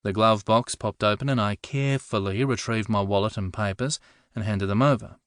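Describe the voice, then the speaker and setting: A man's voice: fairly low pitch, normal speed, dry recording. Dry-voiced male audiobook narrator. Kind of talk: scripted first-person narration.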